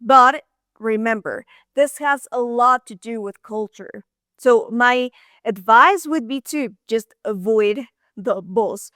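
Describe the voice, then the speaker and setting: A woman's voice: a little high, slow pace, a bit bright, no room sound, studio quality. A woman teaching Spanish in a chatty, friendly-explaining way, often saying "like". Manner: chatty, frequent "like" fillers. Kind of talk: explaining lesson to camera.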